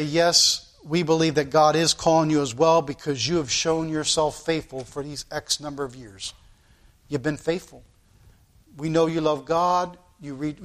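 A man's voice: on the high side, fairly bright tone. A man preaching a sermon to his church as pastor, earnest, with sound-effect asides.

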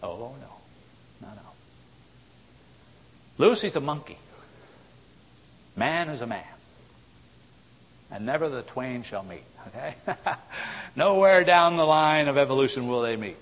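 A man preaching a sermon, swinging from loud exhortation to low, intense tones. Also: animated, slow, pauses often. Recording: long hall reverb.

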